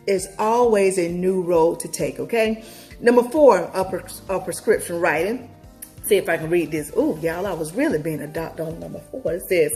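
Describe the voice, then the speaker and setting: A woman vlogger talking casually to her viewers, chatty and upbeat, reflecting on a book with sudden excited leaps in her voice. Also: normal speed, faint music behind. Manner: chatty, talks straight to viewers, big excited pitch jumps.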